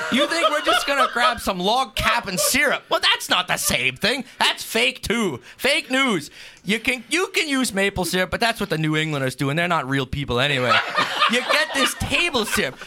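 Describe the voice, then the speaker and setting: A man's voice: high-pitched, noisy background. A man voicing a brash, folksy Pennsylvania Dutch home cook with a thick Pennsylvania Dutch accent, talking a blunt comedic bit on a talk show. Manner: boastful, folksy, blunt put-downs. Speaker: guest.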